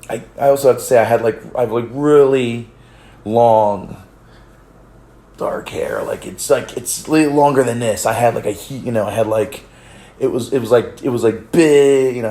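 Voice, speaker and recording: Telling a rambling story for his vlog, this man from the United States keeps restarting, cursing and breaking into laughter. He speaks with a warm, medium-pitched voice in an echoey room.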